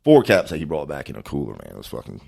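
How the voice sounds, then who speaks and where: A man's voice: a bass voice, wildly swooping pitch, racing, creaky, darkish tone, slightly rough. A man, a podcast guest telling a story casually, profane and rambling with lots of fillers.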